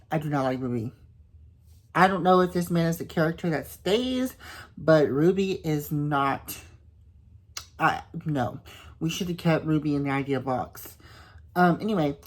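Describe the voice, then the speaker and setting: Young woman, casual book vlog host; lowish pitch, slow delivery, swears and stumbles when riled up. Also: a little mellow. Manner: chatty and indignant, swears, repeats words. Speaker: book vlogger.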